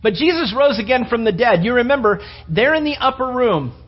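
Man, pastor, sermon, acts out voices, husky tone, dull lo-fi sound. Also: very high voice, a little fast. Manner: animated storytelling, acting out disciples' voices.

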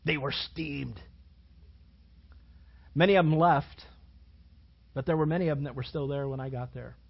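Husky-voiced man preaching with animated storytelling. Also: a little high, normal speed, lo-fi sound. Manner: animated storytelling, repeats phrases and acts out quotes. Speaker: pastor. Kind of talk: sermon.

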